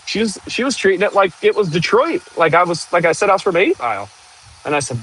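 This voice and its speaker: A man's voice: high-pitched, very animated, fast talker, fairly bright tone, a little hiss or hum, rough recording. A man, rambling and laughing as he chats to a live-stream audience while working outdoors. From northern Michigan, USA. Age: 30s. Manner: rambling, chatty, laughs often. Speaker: livestream host. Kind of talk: casual live-stream chat.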